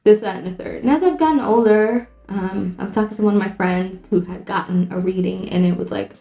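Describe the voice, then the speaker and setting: A woman's voice: mid-range voice, fairly quick, mellow. Young female makeup vlogger, mid-range voice, chatty and meandering, echoey room. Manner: chatty and rambling, lots of "like". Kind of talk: casual storytelling while doing makeup. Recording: echoey room, faint music.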